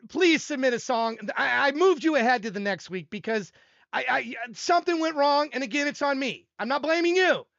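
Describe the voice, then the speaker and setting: Older guy hosting a music stream, bright voice that jumps all over, rambly and self-deprecating, dry kinda dull mic sound. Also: very high-pitched, expressive, fairly quick, gravelly, no echo. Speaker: livestream host reviewing music submissions. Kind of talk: rambling live-stream chat. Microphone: desk microphone.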